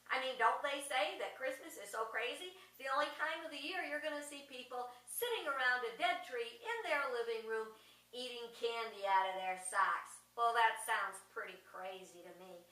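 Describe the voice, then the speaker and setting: A middle-aged woman with a high, bright voice gives a gentle spiritual talk, slowing for emphasis. She sounds a little distant, with a roomy echo around her. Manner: gentle, slow emphasis, storytelling asides. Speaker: speaker giving an advent message.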